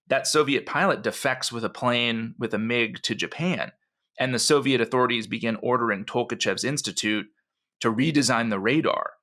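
A man co-hosting a history podcast, telling the story in an animated, conversational way with frequent asides. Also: mid-range voice. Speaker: podcast co-host.

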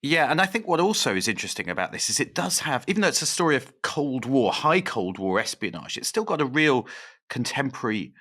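Wry man with a bright voice. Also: medium pitch, sing-song, fairly quick. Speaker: podcast co-host. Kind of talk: conversational podcast chat.

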